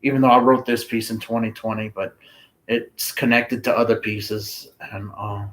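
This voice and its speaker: Flat-voiced man reading his own story. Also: lowish voice, rough recording. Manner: flat, unhurried, stops to find his place.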